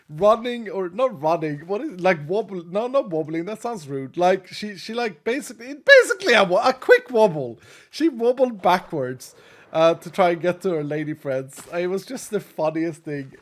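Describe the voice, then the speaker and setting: A man in his thirties chatting casually with his chat while playing a game on stream, laughing often. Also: high voice.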